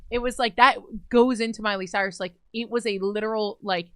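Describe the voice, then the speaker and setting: A woman's voice: mid-range voice, steady tone, brisk, no echo. Chatty, opinionated young woman. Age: young adult. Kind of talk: casual chat.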